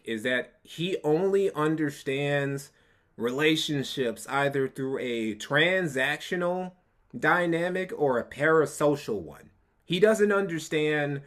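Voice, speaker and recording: Mocking, foul-mouthed male streamer. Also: fairly high pitch. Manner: profane, mocking, repeats himself for emphasis. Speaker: streamer reacting to clips. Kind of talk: casual live-stream commentary.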